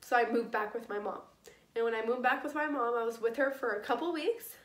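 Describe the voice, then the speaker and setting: A young woman with a slightly high voice tells her story casually, full of slang and repeating herself. She sits a little back from the mic in a roomy, echoing space. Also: a little fast, far from the mic. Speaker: vlogger.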